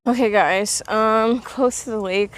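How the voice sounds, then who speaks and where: Chatty woman vlogging outdoors, slow talker. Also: fairly high pitch, fairly even intonation. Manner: chatty, laughs often, gushes over animals. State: out of breath. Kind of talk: casual vlog chat. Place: outdoors near a lake. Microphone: phone held while walking.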